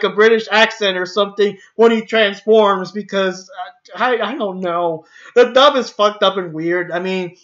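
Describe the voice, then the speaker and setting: A man hosting his own livestream in a high, bright voice. He rambles with restarts and casual swearing as he rants to his viewers. The desk mic sounds slightly dull and lo-fi. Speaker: channel host.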